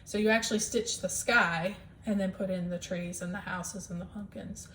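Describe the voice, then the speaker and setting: This Midwestern cross-stitch vlogger speaks at a normal speed in a steady, mid-range, slightly bright voice, with a bit of hiss or hum in the background. She shows off her stitching at home in an eager, casual chat full of ums.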